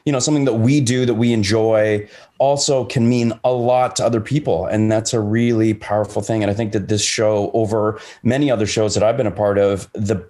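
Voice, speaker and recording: A man on a video call panel, talking in an earnest, halting way and fighting to stay composed. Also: lowish voice, fairly even intonation, a little mellow. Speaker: actor on a reunion panel. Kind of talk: casual panel chat.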